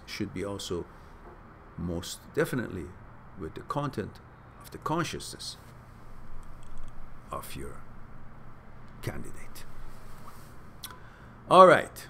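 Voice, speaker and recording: A man's voice: deep voice, takes it slowly, vocal fry, pauses often, noisy background. A man hosting a live-stream Q&A, reading viewer questions aloud and answering them with blunt, swearing advice. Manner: blunt, swearing, animated pep talk; reads out viewer messages, then answers them. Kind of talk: casual advice chat.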